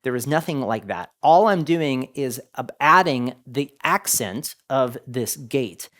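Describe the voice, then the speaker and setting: Lively man explaining mixer settings. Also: medium pitch, unhurried. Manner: lively, relaxed explaining with many "go ahead" phrases. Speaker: audio tutorial host. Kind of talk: casual screen tutorial.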